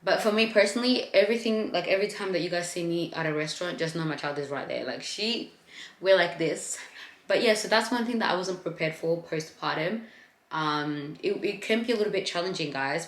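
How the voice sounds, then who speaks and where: A young woman vlogging about her postpartum experience in a candid, chatty way, talking straight to her viewers. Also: low voice. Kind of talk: casual chat to camera. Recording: echoey room.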